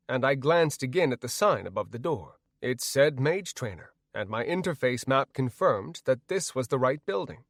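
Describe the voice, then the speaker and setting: Male narrator, audiobook, animated delivery, dry close sound. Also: mid-range voice, dry recording. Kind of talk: scripted first-person audiobook narration.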